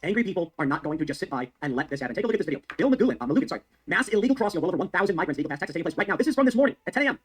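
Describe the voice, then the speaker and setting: A man's voice: fairly high pitch, animated, racing, few pauses, slightly rough. A man delivering heated, sarcastic political commentary on the news, repeating his points for emphasis. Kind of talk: fast ranting news commentary.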